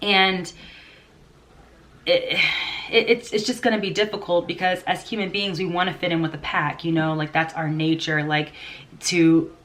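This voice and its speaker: Woman vlogger, lower voice, congested, rambling and chatty, laughs a lot, unedited talk. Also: fairly even intonation, moderate pace, fairly bright tone. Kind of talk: casual unedited vlog chat.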